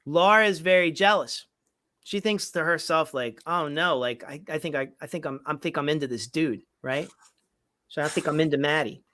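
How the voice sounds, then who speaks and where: A man's voice: fairly high pitch, normal speed, sharp tone. A man co-hosting a comedy podcast, casually reading a holiday movie script aloud and chatting, with lots of fillers and playful line readings. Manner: chatty, many fillers, reads lines in playful voices. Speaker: podcast co-host.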